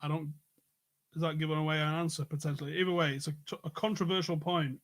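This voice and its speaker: A male host running a pub quiz over a live stream, chatting loosely and peppering his talk with swearing. His voice sits a little on the high side. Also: flat delivery, fast talker. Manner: jokey, swears freely. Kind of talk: casual live-stream banter.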